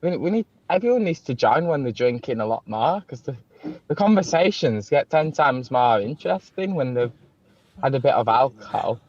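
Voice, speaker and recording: A man's voice: mid-range voice, expressive, normal speed, darkish tone. Laughing man on a dull call. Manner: laughing, chatty, swearing. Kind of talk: casual drinking banter. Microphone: video call. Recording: dull, dry video-call audio.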